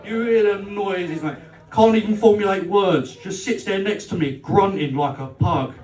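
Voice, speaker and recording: A man's voice: sits high, normal speed. A man doing a live stand-up set, teasing the crowd and acting out rows with his girlfriend. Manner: cheeky, swearing, acts out quarrels. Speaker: stand-up comedian. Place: club function room on stage. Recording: roomy live sound from far off.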